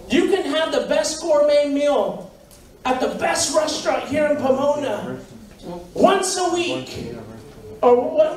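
Joking preacher man in echoey hall. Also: very high voice. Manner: joking, animated, repeats phrases. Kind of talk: sermon. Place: church sanctuary. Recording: echoey church hall, mic far off.

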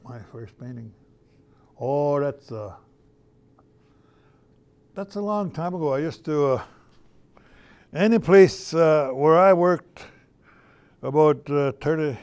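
A man's voice: on the high side, lively intonation, slow pace, long pauses, a little mellow. An older man, an artist talking casually to schoolchildren in a folksy, storytelling way, often repeating his phrases. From Canada. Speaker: visiting artist.

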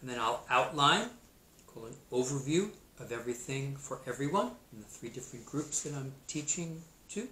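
A man's voice: medium pitch, lively intonation, moderate pace, sharp tone, echoey room, a little hiss or hum, rough recording. A male teacher chatting playfully through an online math lesson and a picture-book read-aloud. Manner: playful, chatty, laughs at himself. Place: Seattle.

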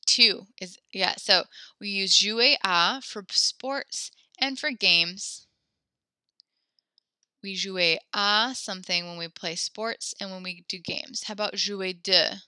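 A woman teaching a French class, giving brisk instructions that mix English and French and often correct herself mid-sentence. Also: medium pitch, sharp tone, no room sound.

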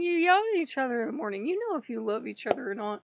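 Woman hosting her own channel, creaky and gravelly, rambling with lots of laughs, dull muffled audio. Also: high-pitched, expressive, fast, hardly any pauses, dry recording. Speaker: channel host. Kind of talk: casual vlog chat. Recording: dull lo-fi sound.

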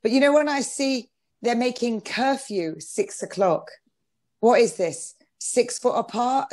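Exasperated woman, animated and sarcastic. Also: on the high side. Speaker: interview guest. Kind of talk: political interview.

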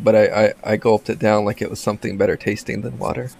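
A man's voice: fairly low pitch, level tone, fast talker, creaky, darkish tone. A man hosting a casual let's play, joking and rambling with frequent restarts as he comments on the game. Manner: joking, rambling, self-interrupting. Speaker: gaming channel host.

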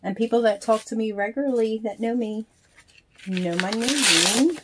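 A woman casually talking through opening a package in a chatty, halting way, counting things aloud. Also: on the high side, background noise. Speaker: reborn doll vlogger. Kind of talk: casual unboxing vlog.

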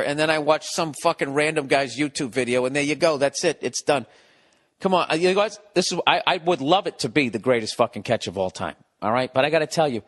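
A man hosting his podcast alone, ranting sarcastically and with lots of swearing, breaking into mocking impressions. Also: mid-range voice. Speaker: podcast host. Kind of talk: solo rambling podcast monologue.

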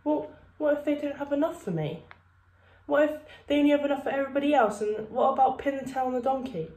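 A woman voicing an anxious, excitable schoolboy who blurts things out and whines tearfully. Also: high voice, fast, reverberant, pitched above the performer's own voice.

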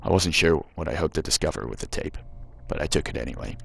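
A man putting on a gruff American accent to read out the narration of a horror game. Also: animated, quick pace, heavily acted. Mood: grim. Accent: put-on American. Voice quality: gruff, low and grim. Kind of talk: reading game text aloud.

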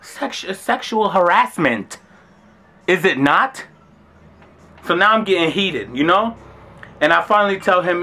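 A young man with a bright, forceful voice tells a story straight to camera. His delivery is brash and profane, and he acts out the other people's lines himself. His voice sits a little high for a man. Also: expressive, normal speed. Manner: brash, profane, acts out dialogue with rising outbursts. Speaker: vlogger telling a travel story. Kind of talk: animated storytime monologue.

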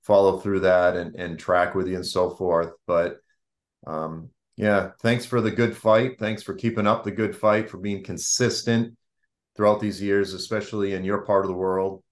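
A deep-voiced man from the Boston area hosts a casual Christian interview. He speaks in an earnest, soft-spoken way and thanks his guest warmly. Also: level tone, moderate pace. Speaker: host.

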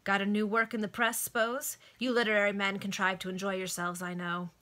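A woman puts on a sociable, condescending man at a tavern table. He greets everyone with breezy, patronizing questions. The tone stays bright and forward. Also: medium pitch, flat delivery, fairly quick, natural voice. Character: patronizing sociable middle-aged man, pub regular.

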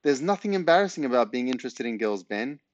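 A man's voice: mid-range voice, very animated, fast, no echo, dull audio, lightly acted. A man reading aloud, voicing a chatty, prying mother in a raised voice. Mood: gushing. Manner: prying, gushing. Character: fussy chatty mother, middle-aged woman.

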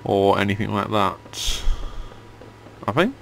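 A man's voice: fairly low pitch, animated, slow, gravelly, a bit bright, a little hiss or hum. A young man giving casual let's-play commentary, grumbling and swearing when the game annoys him. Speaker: gaming channel host.

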